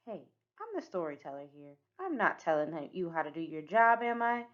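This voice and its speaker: A woman reading a children's picture book aloud as the narrator, with expressive storytelling. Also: on the low side, brisk, few pauses, highs cut off.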